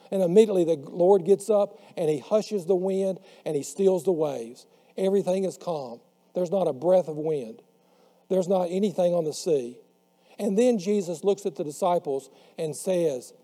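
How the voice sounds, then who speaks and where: High-voiced preacher in a reverberant hall. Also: male voice, mellow. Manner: slows and drops his voice on key words. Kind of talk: sermon.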